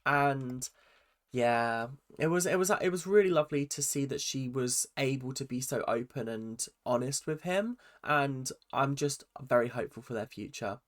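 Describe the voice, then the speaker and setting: A young reaction vlogger gives a chatty, exasperated recap of a reality show, full of ums and restarts, in casual recap commentary. His voice is medium in pitch at a moderate pace.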